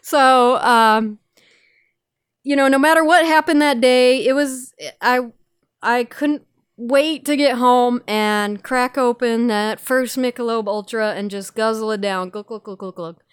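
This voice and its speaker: Chatty woman with a smooth, clear voice. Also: fairly high pitch, slow, no echo, studio quality. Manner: chatty and self-mocking, laughs often, many fillers. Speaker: guest. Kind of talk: candid recovery podcast talk.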